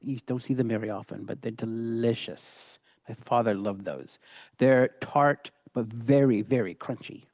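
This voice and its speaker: A man's voice: mid-range voice, a little mellow, dry recording, studio quality. A middle-aged man giving a casual, rambling cooking demonstration, with many fillers and restarts. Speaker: cooking instructor.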